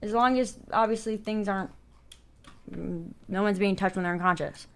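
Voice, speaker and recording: A woman's voice: mid-range voice, normal speed, gravelly. Defensive rambling young-sounding woman. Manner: defensive, rambling, filler-heavy. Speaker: streamer telling her side on a call. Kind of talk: casual storytelling on a call.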